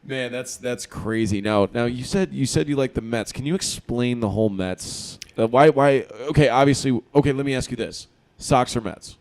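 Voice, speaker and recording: A man hosting a podcast, chatting casually and excitedly about baseball and teasing his guest. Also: medium pitch, moderate pace, hardly any pauses. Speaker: podcast host. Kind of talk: casual sports chat.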